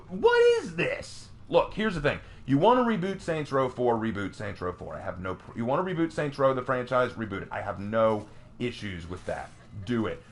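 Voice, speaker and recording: Guy streamer ranting, mocky and animated, keeps restarting his sentences, mid-pitch voice. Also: slight background noise. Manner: animated and mocking, with frequent restarts and stammered repeats. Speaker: game streamer. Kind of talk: casual ranting commentary.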